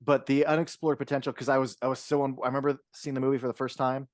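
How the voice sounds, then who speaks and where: A man's voice: mid-range voice, flat delivery, fast talker, dry recording, studio quality. A man co-hosting a podcast, talking through a film casually, with restarts and the odd curse word. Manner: rambling, frequent restarts, casual swearing. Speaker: podcast co-host.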